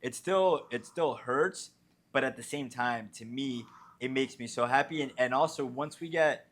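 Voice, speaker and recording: A man as a podcast guest, talking casually about giving, halting with many fillers. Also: medium pitch, a bit bright. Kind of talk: casual conversation.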